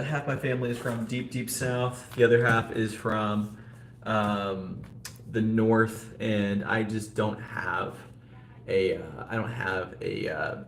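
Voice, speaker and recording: A man talks loosely to his live viewers, rambling and filling gaps with little asides. His voice sits a bit low and carries no regional accent. The room is echoey, with a faint hum of ambient noise behind him. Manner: rambling, talks to chat viewers, frequent fillers. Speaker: vlogger. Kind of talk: casual live-stream chat.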